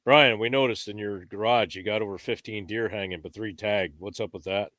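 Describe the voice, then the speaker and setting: A man hosting a podcast, teasing his guest and telling a story in a relaxed, joking way. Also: fairly low pitch, a little fast. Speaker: podcast host. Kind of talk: joking casual chat and anecdote.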